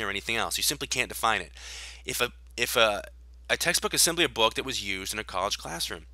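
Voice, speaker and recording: A man's voice: medium pitch, pushed and bright, dry recording. A man giving a solo explainer talk on selling online, emphatic, with sarcastic asides and repeated key points. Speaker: online seller educator.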